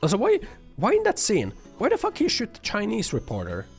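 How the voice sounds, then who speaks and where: A man's voice: high voice, huge pitch swings, a little fast, creaky, soft background music. A man streaming, giving an exasperated, profanity-laden rant full of filler words and bursts of laughter. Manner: laughs often mid-sentence. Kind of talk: casual livestream commentary.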